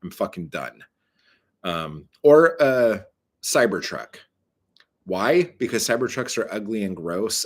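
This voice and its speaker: A deep-voiced man on a casual live stream rambles, full of fillers and self-corrections, swearing heavily as he vents his frustration.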